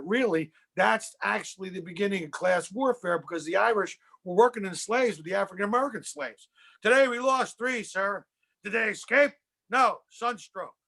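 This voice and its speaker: A man's voice: high voice, gravelly, a bit bright, breathy edge. A middle-aged man from Philadelphia, a comedian, rambling through profane rants in a podcast conversation. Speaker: comedian guest.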